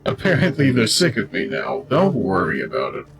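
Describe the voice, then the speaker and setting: A man's voice: mid-range voice, wildly swooping pitch, normal speed, fairly bright tone. A male streamer joking his way through a game, with a voice that swoops up and down all over the place. He sounds goofy and off the cuff, and faint music plays underneath. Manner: goofy and jokey, riffs on the game. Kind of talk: casual gameplay commentary.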